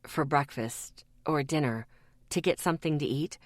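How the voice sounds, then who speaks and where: Woman voicing a half-asleep young man, low and soft, drowsy. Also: moderate pace, no echo, lightly acted. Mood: sleepy. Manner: sleepy, mumbling.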